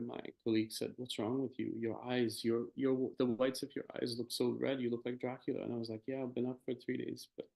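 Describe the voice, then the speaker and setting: A man, a podcast guest, telling a personal story in a halting, hesitant way with many pauses and restarts. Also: mid-range voice, gravelly, darkish tone, low-quality recording. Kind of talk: personal testimony in conversation.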